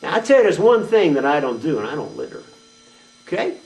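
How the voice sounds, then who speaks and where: A man's voice: a little high, very animated, fairly quick, gravelly, darkish tone. A man playing a boastful, reckless redneck trucker, talking in a rambling, folksy, crude way in a comedic character monologue. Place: small venue stage. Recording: distant mic at open mic.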